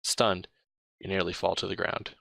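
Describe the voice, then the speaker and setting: A man's voice: low-pitched, little pitch movement, moderate pace, vocal fry, a bit bright, no echo. A man reading an interactive space adventure story aloud in a casual way, stopping to comment on his own slips. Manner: chatty, comments on his own slips and laughs mid-read. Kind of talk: casual read-aloud narration.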